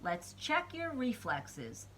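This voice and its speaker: A woman voicing a stern, weary female doctor in a storybook read-aloud, dry and measured. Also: fairly high pitch, huge pitch swings, fairly bright tone, voice pushed up, exaggerated voice.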